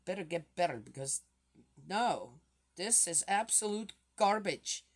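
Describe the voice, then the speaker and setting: A woman reading scripture aloud and commenting on it, reading quietly and then reacting with indignant exclamations. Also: fairly low pitch, lively intonation, measured pace. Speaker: bible commentator.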